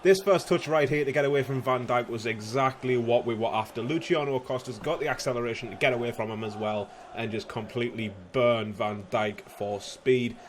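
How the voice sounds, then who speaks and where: A young man commentating his own football video game, slightly hoarse, bursting into shouts and laughter at goals. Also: mid-range voice, slight background noise. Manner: excitable, shouts at goals, casual swearing. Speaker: gaming youtuber.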